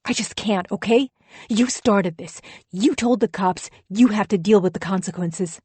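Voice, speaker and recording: Female reader playing an angry husband, defensive and shouting; audiobook, dry booth. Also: mid-range voice, measured pace, slightly rough, no echo. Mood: furious. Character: angry self-pitying husband, grown man.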